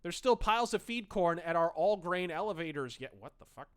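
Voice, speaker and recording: A man's voice: sits high, lively intonation, brisk, smooth. A man hosting a livestream, reading chat messages aloud and commenting in a snarky, profane, sarcastic way.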